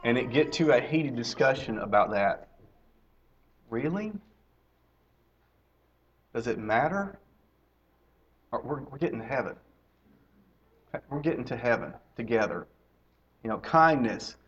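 A middle-aged man delivers a sermon in a relaxed, conversational way. He keeps returning to his key phrases and puts questions straight to his listeners. His voice sits at an ordinary middle pitch, and the recording sounds a little dull and lo-fi. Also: normal speed. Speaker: lay preacher and teacher.

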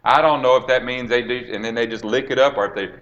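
Bright-voiced man preaching a Bible story. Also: medium pitch, fast, lo-fi sound. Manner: dramatic storytelling, acts out quoted lines, drops to a hush then rises. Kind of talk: sermon retelling a Bible story.

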